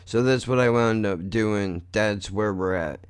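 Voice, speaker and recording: A man's voice: on the low side, unhurried, clear, resonant tone, no room sound, studio quality. A man hosting his own podcast in a blunt, profane, rambling monologue. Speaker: podcast host. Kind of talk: casual monologue.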